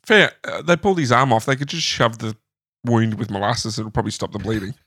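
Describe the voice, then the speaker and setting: A man's voice: lowish voice, fairly quick, sharp tone, dry recording, studio quality. A man co-hosting a podcast, reacting with casual jokes. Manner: joking reactions. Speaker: podcast co-host. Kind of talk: casual chat.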